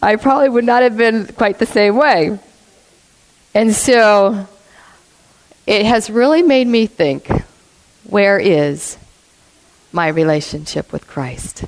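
A woman's mid-range voice comes through a low-quality recording, animated yet slow, with long pauses, as she preaches to a congregation. She asks them questions, laughs frequently and performs the quoted voices in storytelling fashion.

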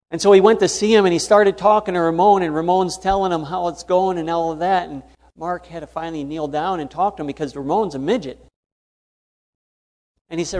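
A man preaches a sermon in an earnest voice, driving points home by repeating them. His voice sits somewhat high for a man. A long reverb trails his words through the hall. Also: fairly quick, darkish tone. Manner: earnest, repetitive emphasis.

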